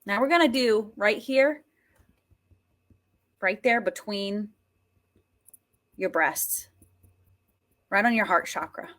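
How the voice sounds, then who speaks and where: A woman guiding a tapping and healing session, talking slowly and emotively with many sighs, and coaxing listeners to repeat her phrases. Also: medium pitch, expressive, a bit bright. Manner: slow, breathy, emotive, with frequent sighs.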